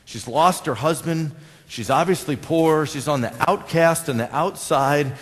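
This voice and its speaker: A man's voice: on the high side, a little slow. Male American pastor, chatty sermon delivery with questions to the pews, long church reverb. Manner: conversational, asks the congregation questions. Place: church sanctuary.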